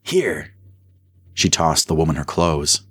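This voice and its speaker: Low, husky male audiobook narrator. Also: fairly even intonation, a little slow, fairly bright tone, no room sound. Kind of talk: audiobook reading of a crime novel.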